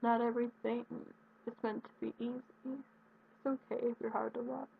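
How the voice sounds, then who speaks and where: A young woman talking in a heartfelt personal video message, earnest and rambling, with halting restarts. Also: fairly high pitch, little pitch movement, gravelly. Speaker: vlogger addressing her absent partner. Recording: tinny phone-quality audio with faint hiss.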